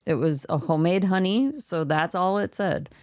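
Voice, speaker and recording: A female podcast co-host tells a chatty story and walks through it step by step. Her voice sits on the low side for a woman. The recording is dry and close, with no room sound. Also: normal speed, a little mellow, no room sound. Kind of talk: casual storytelling chat.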